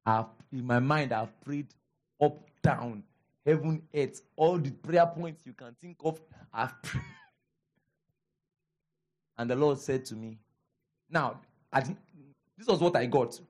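A man with a Nigerian accent preaching a sermon as pastor, animated, repeating his lines for emphasis and calling out to the congregation. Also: mid-range voice, slow pace, long pauses.

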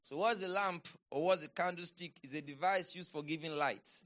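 High bright-voiced pastor preaching. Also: male voice, normal speed. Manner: emphatic preaching with exclamations and call-and-response. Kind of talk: sermon.

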